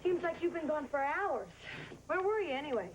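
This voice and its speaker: A woman's voice: high voice, animated, a little fast, highs cut off, slight background noise. An actress playing a chatty, earnest woman sharing a hospital room. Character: warm talkative woman patient named Dot. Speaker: actor. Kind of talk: sitcom drama acting.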